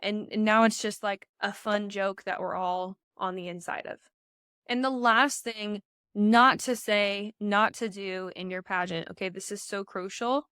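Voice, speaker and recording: Speaking unhurriedly in a clean, mid-range voice, this young woman is a pageant coach offering advice on a podcast, in a dry, studio-quality recording. She's energetic and emphatic, calls her listeners "you guys," and sounds a little breathless from late pregnancy.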